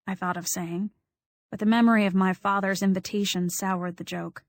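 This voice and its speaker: A woman's voice: medium pitch, fairly even intonation, normal speed, no room sound. Wry woman reading an audiobook. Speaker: audiobook narrator. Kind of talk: scripted first-person audiobook narration.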